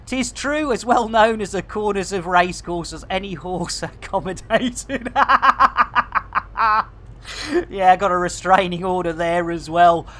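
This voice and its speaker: Talking slowly in a high, sharp-toned voice, a middle-aged man from Barnsley in Yorkshire, England, jokes his way through a live gameplay stream full of catchphrases.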